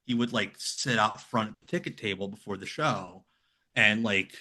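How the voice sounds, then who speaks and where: A man chatting casually as a podcast guest, rambling and slipping into lively impressions of other people. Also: lowish voice, normal speed. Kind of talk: casual chat.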